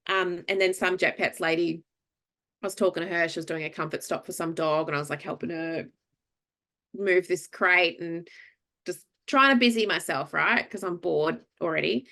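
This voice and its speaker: Lively Australian woman telling a story. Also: lowish voice, moderate pace, creaky. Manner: animated storyteller, acts out quoted voices, many fillers. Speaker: podcast co-host. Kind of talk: casual storytelling chat.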